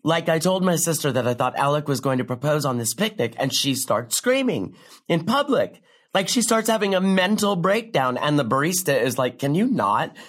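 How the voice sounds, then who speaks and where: A young woman playing a brash comic who delivers a rambling, sardonic, profane stand-up story with big leaps in pitch. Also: sing-song, normal speed. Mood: wry. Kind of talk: stand-up comedy monologue in a drama.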